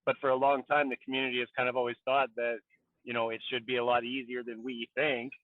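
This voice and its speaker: A man's voice: medium pitch, level tone, fast, no echo. A man co-hosting a podcast in casual chat, thinking aloud with many restarts. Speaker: podcast co-host. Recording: tinny phone-like line, dry.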